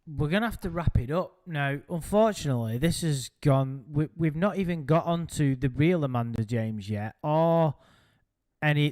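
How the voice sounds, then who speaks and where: A man's voice: mid-range voice, a little mellow, no room sound, clean studio sound. A man hosting a casual chat, rambling and hesitant with frequent ums. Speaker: podcast host.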